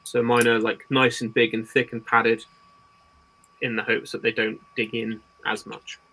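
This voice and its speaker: Brief: mid-pitched man with fry in the voice, bright tone, casual guest on a chat podcast, practical and chatty. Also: completely flat delivery, unhurried, rough recording. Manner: practical, explains at length with restarts. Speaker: guest gear maker.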